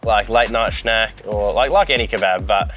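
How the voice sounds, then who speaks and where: A man's voice: on the low side, moderate pace, a bit bright, soft background music. A man with an Australian accent hosting a casual car vlog from inside a car, laid-back and using local slang. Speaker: host.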